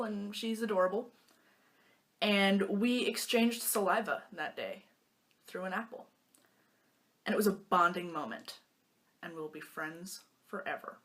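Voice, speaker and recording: A young woman casually telling stories to a phone camera, playful and jokey, acting out her friends' lines in silly voices. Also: mid-range voice. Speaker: vlogger. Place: small room lit by a lamp.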